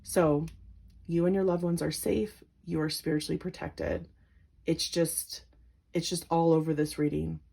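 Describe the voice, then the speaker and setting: Woman reading tarot cards for viewers, kinda gravelly n mellow, soft and emotional, says like a lot. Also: low-pitched, little pitch movement, a little slow. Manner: gentle, emotional, many "like" fillers. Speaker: tarot reader. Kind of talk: pick-a-card tarot reading.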